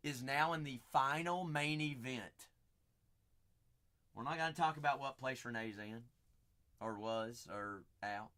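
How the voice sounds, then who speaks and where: A man hosting a live card break stream, rattling off buyers' names with playful, sing-song banter and sudden loud bursts. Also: medium pitch, unhurried, pauses often.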